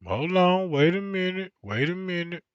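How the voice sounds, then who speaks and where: A man doing casual reaction commentary on a stream, mocking and roasting with profane, loud jokes. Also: high voice, animated, moderate pace, clear, resonant tone, no echo, highs cut off.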